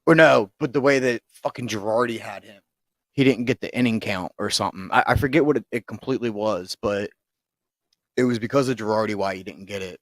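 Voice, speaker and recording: Low-voiced guy rambling in dry close audio. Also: brisk, no echo. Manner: rambling, profane, restarts a lot. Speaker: podcast co-host. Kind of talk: casual sports chat.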